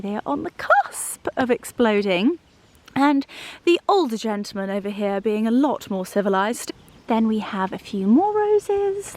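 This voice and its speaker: A British woman giving a casual garden tour as a vlogger, gushing and often dropping to a soft whisper, outdoors. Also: on the high side. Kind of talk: casual vlog narration.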